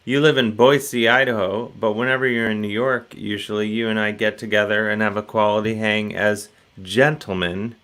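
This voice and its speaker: Bright-voiced rambling male host. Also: on the low side, flat delivery, normal speed, hardly any pauses. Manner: rambling, self-deprecating, restarts sentences. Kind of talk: casual talk show banter.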